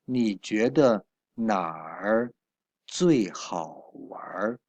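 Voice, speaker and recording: A man's voice: fairly low pitch, expressive, very slow, darkish tone, no room sound, dull audio. A man teaching a Chinese textbook lesson, explaining each line patiently with hesitant fillers and corrections along the way.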